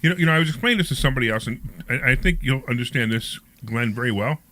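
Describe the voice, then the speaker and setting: A man hosting a casual radio talk show, jokey and animated, pushing listeners to call in. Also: medium pitch, racing, dry recording.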